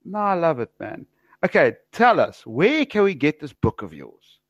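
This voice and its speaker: A man from Africa, hosting a podcast interview and telling stories in a chatty, slangy, animated way. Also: fairly high pitch, moderate pace, no echo, lo-fi sound. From South Africa. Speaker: podcast host. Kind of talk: casual interview chat.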